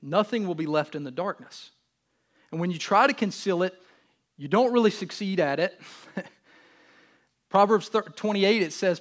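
A man preaching a sermon in a relaxed, conversational way. His voice sits somewhat high. He moves from loud, emphatic bursts to quiet, near-whispered asides and slips into casual voices for the people in his stories. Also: normal speed. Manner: acts out God and others in casual voices. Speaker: pastor.

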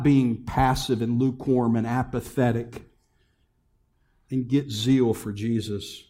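Middle-aged guy preaching, asks the crowd lots of questions, gets loud then goes real quiet. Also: mid-range voice, steady tone, unhurried. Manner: swings between loud exhortation and soft, hushed delivery; many rhetorical questions to the congregation. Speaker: pastor. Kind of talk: sermon.

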